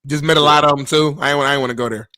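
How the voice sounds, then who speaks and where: A man's voice: a little high, steady tone, rapid-fire, sharp tone, no echo, studio quality. A man hosting a sports talk show, telling a story in loose, slangy casual chat. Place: Los Angeles area.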